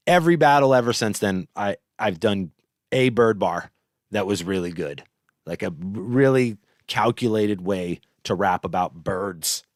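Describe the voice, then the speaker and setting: A man's voice: on the low side, measured pace, no echo, clean studio sound. A man hosting a show, telling stories in a casual, profane, rambling monologue. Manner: profane, animated storytelling. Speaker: host.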